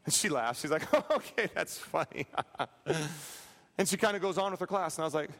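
A man preaching a sermon, telling a story with animated, acted-out quotes and humor. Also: high-pitched, a little fast. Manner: animated, acts out quotes, plays for laughs. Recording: reverberant hall.

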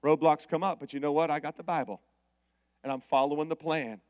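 A man with a high-pitched voice preaches to his congregation, spinning a travel story into a lesson and calling out to them as he goes. The sound is dry and close, with almost no room echo. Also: a little fast, clean tone. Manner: animated storytelling with call-outs to the congregation. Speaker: pastor. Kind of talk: sermon.

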